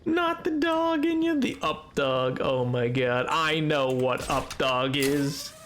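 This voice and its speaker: Animated man streamer with a cold. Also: a little high, slow, slight background noise. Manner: animated, exasperated, joking with chat. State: has a cold. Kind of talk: live gameplay commentary.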